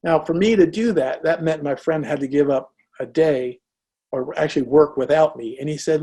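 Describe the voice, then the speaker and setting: A man spins a motivational anecdote and brings each exchange to life as he tells it. His voice sits a little high, with a gravelly, husky edge. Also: normal speed. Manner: lively, acts out dialogue in anecdotes. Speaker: speaker. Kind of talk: motivational storytelling.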